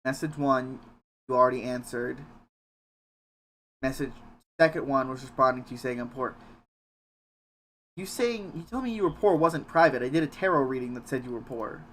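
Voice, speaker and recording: A man's voice: medium pitch, normal speed, long pauses, fairly bright tone, slight background noise. A man live-streaming a game, chatting casually with viewers in a rambling, joking way with plenty of swearing. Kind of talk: casual live-stream chat while gaming.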